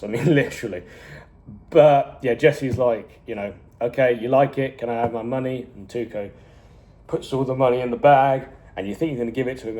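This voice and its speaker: A man casually reviewing a TV series, retelling scenes with animated energy, frequent chuckles and swearing. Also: medium pitch. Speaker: TV show reviewer.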